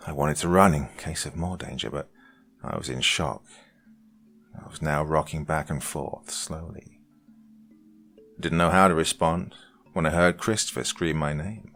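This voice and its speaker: Very deep, gravelly horror narrator. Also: male voice. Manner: dark, dramatic reading, dropping to hushed lines. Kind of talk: scripted horror story narration.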